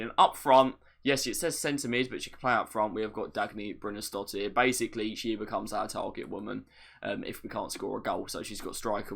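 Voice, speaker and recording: A man's voice: mid-range voice, a bit bright. A young man giving a casual, chatty walkthrough of a video game, explaining each step plainly with light self-deprecating asides. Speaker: gaming video creator. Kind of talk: casual gameplay tutorial commentary.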